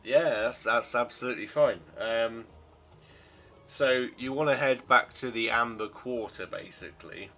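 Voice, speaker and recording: A man running a tabletop game in a relaxed, rambling way, with many fillers. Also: medium pitch, unhurried, faint music behind. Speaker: game master.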